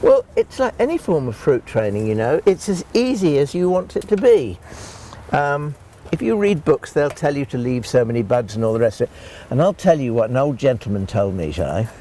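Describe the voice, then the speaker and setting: A man's voice: mid-range voice, very animated, fairly quick, warm tone, slight background noise. Chatty man showing fruit picking outdoors. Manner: chatty, homely, rambling with restarts. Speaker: gardening show presenter. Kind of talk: friendly practical demonstration. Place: outdoor vegetable garden.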